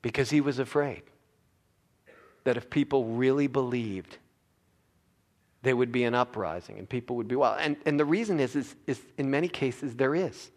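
A man's voice: medium pitch, normal speed, long pauses, a little mellow. A male pastor preaching a sermon, emphatic and prone to repeating words as he builds his points. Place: church sanctuary. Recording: long reverb of a large hall.

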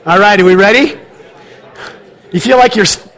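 A man preaching as a pastor, reading scripture aloud and then asking his congregation questions in an unhurried, conversational way. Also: high-pitched, fairly bright tone. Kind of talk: sermon.

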